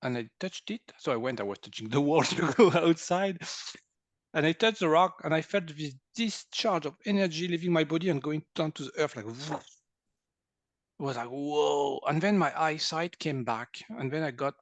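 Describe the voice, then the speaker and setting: Here an energy healer from France, a man in his sixties, talks at normal speed in a slightly high voice with no room sound. Speaking French-accented English as an interview guest, he's animated, laughs a lot, and plays out the quoted words of others.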